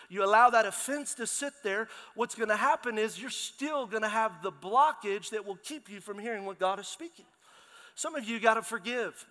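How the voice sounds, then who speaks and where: A middle-aged man preaching a sermon as pastor, telling lively stories and calling out to his congregation. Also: high voice. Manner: lively storytelling, calls out to the congregation. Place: large church hall. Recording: long hall reverb in a church.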